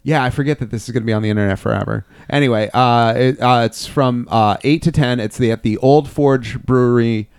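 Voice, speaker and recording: A man's voice: medium pitch, brisk, few pauses, clear, resonant tone, no echo, clean studio sound. A young man hosting a casual podcast, rambling loosely, swearing a lot and laughing often. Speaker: podcast host, comedian. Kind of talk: casual profane podcast chat.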